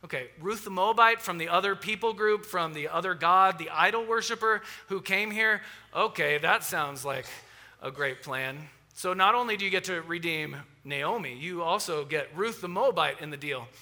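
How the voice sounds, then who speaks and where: A man preaching a sermon in a very bright, forceful voice that sits a little high. He retells the story in a lively, conversational way and turns aside to talk directly to the congregation. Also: normal speed. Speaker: pastor.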